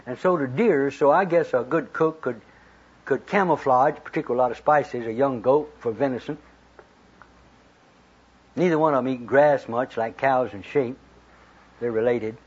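A man's voice: mid-range voice, moderate pace, pauses often, a little mellow, slightly rough. A man preaching a sermon, retelling scripture stories in a folksy, plain-spoken way and acting out the quoted lines. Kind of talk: storytelling sermon. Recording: dull lo-fi recording.

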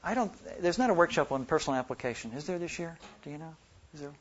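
A man from Oklahoma and Texas teaching a Bible study workshop, who slows down to stress single words when he reads scripture. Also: fairly high pitch, lively intonation, muffled recording, slight background noise.

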